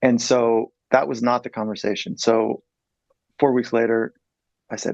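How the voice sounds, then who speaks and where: A man in his fifties speaks as a psychologist guest, earnest and blunt, and he swears freely. His voice is gravelly at a middle pitch. The recording is dry and slightly dull. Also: level tone, measured pace, a little mellow, no echo. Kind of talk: candid personal storytelling.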